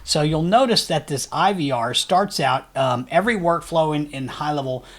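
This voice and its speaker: A man who runs an agency, talking casually through a software tutorial with upbeat, rambling speech and frequent fillers. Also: a little high, lively intonation, moderate pace. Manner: loose, rambling, many fillers and restarts; enthusiastic, says "really cool" often. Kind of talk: casual screen-share tutorial.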